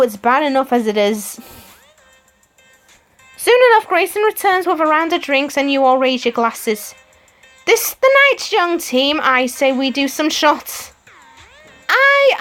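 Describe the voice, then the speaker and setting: High-voiced giggly woman streamer. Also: a bit bright. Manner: giggly, comments between lines. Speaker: streamer reading a story game aloud. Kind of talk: reading game dialogue aloud with playful voices.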